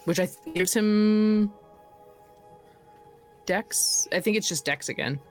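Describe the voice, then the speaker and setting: A woman's voice: medium pitch, faint music behind. A woman playing a tabletop game, describing her character's actions in a tentative way. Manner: unhurried, tentative. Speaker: player.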